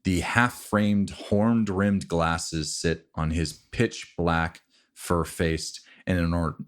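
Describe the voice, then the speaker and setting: Brief: male game master, very low voice, measured unhurried narration. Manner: relaxed, descriptive, with fillers and restarts.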